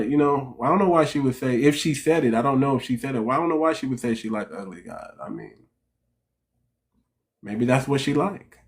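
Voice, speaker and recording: A man's voice: mid-range voice, lively intonation, a little fast. A man talking on a livestream as a relationship coach and host, blunt and direct, often restarting his sentences and repeating words. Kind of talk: casual livestream talk.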